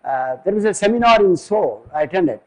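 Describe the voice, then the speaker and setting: An older man from India with an Indian English accent gives a philosophy lecture, digressive and halting, often pausing to search for words. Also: sits high, expressive, a little mellow, low-quality recording.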